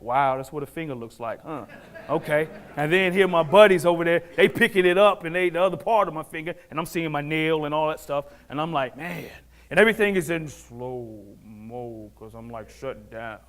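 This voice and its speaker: A man speaking at a men's fellowship, telling a personal testimony story in an animated way and acting out the people in it. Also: fairly high pitch.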